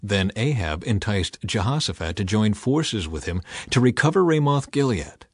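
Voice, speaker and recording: Expressive man reading scripture aloud. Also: on the low side, moderate pace, breathy edge, no echo, studio quality. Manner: expressive, acts out the quoted speech. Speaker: scripture reader. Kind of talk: Bible reading.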